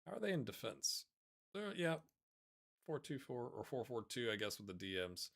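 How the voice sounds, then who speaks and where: Lively bright-voiced man commentating a game. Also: medium pitch, moderate pace, creaky. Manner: excitable, chatty, talks to viewers and players as lads. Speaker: gaming YouTuber. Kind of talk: casual let's-play commentary.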